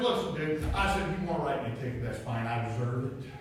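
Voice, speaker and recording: A man's voice: mid-range voice, lively intonation, fast, few pauses, a little hiss or hum. A man preaching a sermon to a congregation, telling folksy stories with rising emphasis. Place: church sanctuary. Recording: echoey church hall from a distance.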